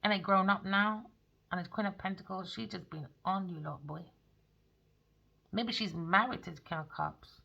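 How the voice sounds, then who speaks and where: A woman giving a spoken tarot reading, blunt and excitable, swearing freely. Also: medium pitch, normal speed, vocal fry, muffled recording. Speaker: tarot reader.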